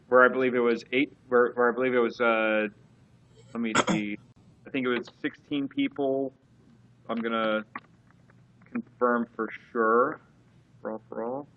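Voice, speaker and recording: A man's voice: medium pitch, muffled recording. A man co-hosting a casual wrestling chat, rambling with lots of fillers and restarts. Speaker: podcast co-host.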